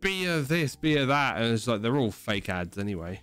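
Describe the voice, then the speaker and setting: A man's voice: medium pitch, big pitch swings, brisk, a bit bright, clean tone, soft background music. A man co-hosting a podcast in casual chat, blunt and teasing, with rambling explanations. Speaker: podcast co-host.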